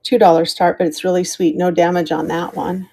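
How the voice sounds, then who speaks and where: American woman, live-sale host, low warm voice, chatty, reads viewer names while auctioning. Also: level tone, brisk, vocal fry. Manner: chatty, calls out starting prices and thanks viewers by name. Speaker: live-stream jewelry seller. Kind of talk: live auction stream chat.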